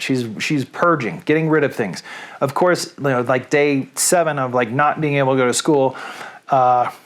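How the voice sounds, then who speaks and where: A middle-aged man and radio DJ, talking to camera alone in a small room at home in a chatty, rambling, self-deprecating way. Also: fairly high pitch. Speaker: radio DJ and video host. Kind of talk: casual rambling monologue to camera. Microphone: studio microphone.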